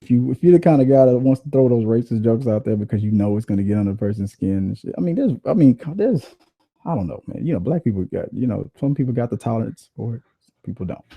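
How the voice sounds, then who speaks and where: A man hosting a podcast in casual, profane, animated rants that ramble from point to point. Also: medium pitch, fast, creaky, slightly rough, no echo, dull audio. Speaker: podcast host. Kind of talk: casual ranting chat.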